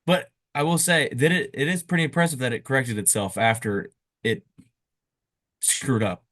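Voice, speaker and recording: A man's voice: mid-range voice, animated, moderate pace, fairly bright tone, no echo. Young man making wry jokes. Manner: wry, jokey asides. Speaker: podcast co-host. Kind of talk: casual comedic chat. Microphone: video call.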